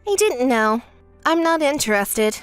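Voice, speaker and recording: A woman's voice: expressive, unhurried, clear, resonant tone, dry recording, soft background music. A woman voicing a spoiled, self-centered young bride who bosses her sister around, in a texting-story voice-over. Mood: smug. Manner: whiny, bossy, shrill when angry.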